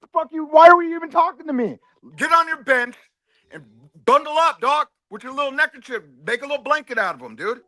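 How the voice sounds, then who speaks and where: Brash, profane man with a bright voice. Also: very high voice, expressive, fairly quick, no room sound. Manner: profane, taunting, confrontational. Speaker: stream panel co-host. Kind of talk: heated casual stream chat.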